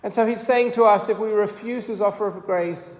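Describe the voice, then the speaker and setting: A preacher giving a sermon in a measured, earnest teaching manner, with a few small restarts. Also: mid-range voice, slight background noise. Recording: echoey hall with long reverb.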